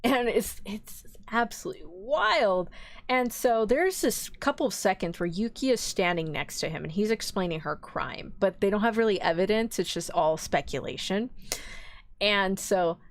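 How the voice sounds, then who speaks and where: A young woman streaming a casual anime recap, acting out the characters' lines in an animated, swearing storyteller's way. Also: mid-range voice, normal speed. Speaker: VTuber streamer.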